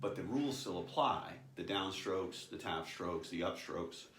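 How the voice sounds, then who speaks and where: A man's voice: low voice, animated, measured pace, echoey room, over loud music. A man teaching drumming, explaining stick strokes in a practical, conversational way and often checking in with "right?". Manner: explanatory, counts beats aloud, frequent "right?" tags. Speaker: drum teacher. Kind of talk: instructional demonstration. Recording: drums and clicks behind voice.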